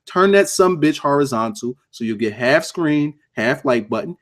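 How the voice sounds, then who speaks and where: A man talking loosely on his own livestream, reviewing a wrestling show. His pitch jumps around a lot as he rants, swears and cracks himself up. It sounds like off-the-cuff chat with his viewers. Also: moderate pace. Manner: animated, profane, laughing, joking with chat.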